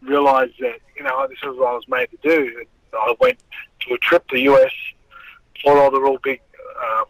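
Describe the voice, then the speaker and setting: Gravelly, bright-voiced man. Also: medium pitch, moderate pace, no room sound, poor audio. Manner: swearing, rambling, animated storyteller. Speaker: former boxer, guest. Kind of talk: casual storytelling interview.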